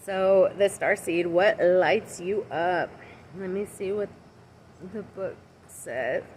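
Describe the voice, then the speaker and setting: A woman with a fairly low voice, chatting her way through a livestream tarot reading from outside her house. She rambles between cards and greets her viewers by name. Faint noise sits under her phone recording. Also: slow, darkish tone, poor audio. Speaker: tarot and oracle card reader. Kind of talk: casual livestream card reading.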